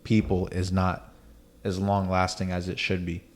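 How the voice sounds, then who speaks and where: A man's voice: deep voice, completely flat delivery, a little slow. A young man hosting a podcast, chatting loosely and often asking "you know what I'm saying". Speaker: podcast host. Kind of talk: casual chat.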